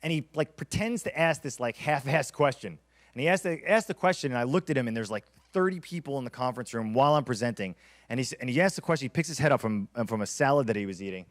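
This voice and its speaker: A man giving a conference keynote, energetic and storytelling, acting out quotes as he goes. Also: mid-range voice, fast talker. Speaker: keynote speaker.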